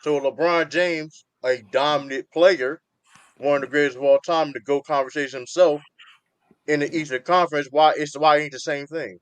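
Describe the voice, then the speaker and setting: A man's voice: fairly high pitch, steady tone, moderate pace, clear, resonant tone, no room sound. A man hosting a heated sports debate podcast, cutting in and repeating himself to get the floor. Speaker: podcast host.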